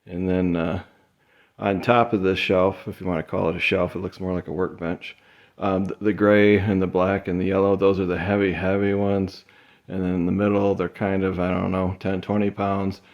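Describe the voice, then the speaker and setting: A man from the Midwest talks in a loose, rambling vlog style, full of fillers. He sounds tired and sweaty after work in an insulated garage, and his voice sits a little low. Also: moderate pace, dull audio. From American Midwest. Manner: relaxed, rambling, chatty with fillers. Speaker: eBay reseller vlogger. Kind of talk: casual vlog talk.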